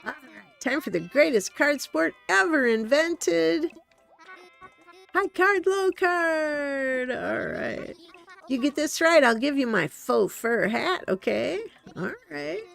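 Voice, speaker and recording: A woman's voice: high-pitched, lively intonation, slow, gravelly, a bit bright, soft background music, pitched above the performer's own voice, exaggerated voice. A woman reading aloud the lines of a pumped-up male jock animal villager from a cozy life-sim game. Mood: excited. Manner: hearty, sporty, says "yo, dude".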